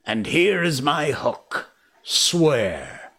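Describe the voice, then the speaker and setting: A man reading a storybook aloud, voicing a blustering, proud pirate captain with loud theatrical outbursts. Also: fairly high pitch, very animated, extremely slow, slightly rough, voice pushed up, exaggerated voice. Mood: menacing.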